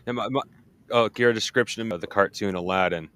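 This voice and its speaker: A man's voice: on the low side, fairly quick, fairly bright tone, no room sound. A man co-hosting a casual podcast chat, answering with brief agreeing remarks.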